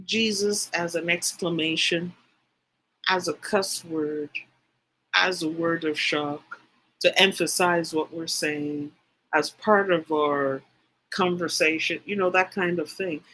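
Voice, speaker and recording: A woman teaching spiritual matters on a livestream, in an unhurried, deliberate delivery. Her voice has a husky, slightly breathy grain. She leans hard on key points, repeats her phrases for weight and breaks off to address the viewers typing in her chat. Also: on the low side, fairly bright tone, poor audio. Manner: emphatic, repeats phrases for stress; speaks directly to live chat viewers.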